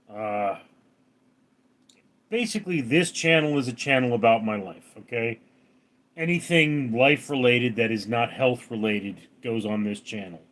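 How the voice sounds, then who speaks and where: Reading out and responding to viewer comments, a man from Los Angeles, California rambles through a casual late-night livestream held outdoors at night. His voice is medium-pitched with a fairly bright tone.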